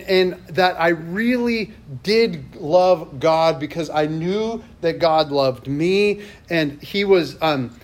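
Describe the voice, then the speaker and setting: In a church, a middle-aged male pastor with a somewhat high voice gives a sermon, sharing a personal story conversationally and adding self-deprecating asides.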